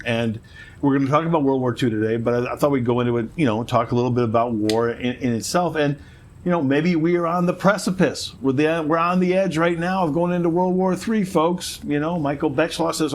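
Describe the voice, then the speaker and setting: A man's voice: medium pitch, fairly even intonation, brisk. A middle-aged man co-hosting a talk show, chatting casually and rambling with many restarts. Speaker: podcast co-host. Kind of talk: casual political chat.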